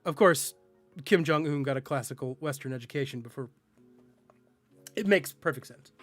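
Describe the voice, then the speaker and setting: A man's voice: mid-range voice, normal speed, fairly bright tone, faint music behind. Joking male streamer chatting with viewers. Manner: joking, chats with viewers, stumbles over words. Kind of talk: casual live-stream chat while gaming.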